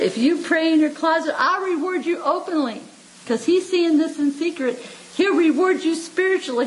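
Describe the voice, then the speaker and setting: A woman in her seventies preaches in a high, bright voice, folksy and homespun. She chuckles between points, repeats herself for emphasis and talks to listeners as if they were family. A faint hum of noise sits under her voice. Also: rough recording. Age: 70s. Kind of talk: folksy devotional sermon.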